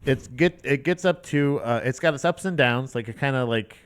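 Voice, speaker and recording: A man co-hosts a laid-back music podcast, wandering through his thoughts with swearing and false starts. His voice is smooth and clean, sitting at an ordinary middle pitch. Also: normal speed. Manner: rambling, profane, loose with many restarts and fillers. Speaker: podcast co-host. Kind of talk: casual music podcast chat.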